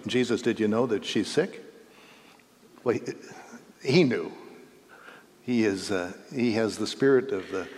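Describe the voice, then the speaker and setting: A man teaching a Bible lesson as a sermon, emphatic, rising on key words and correcting himself as he goes. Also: mid-range voice. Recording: echoey hall reverb.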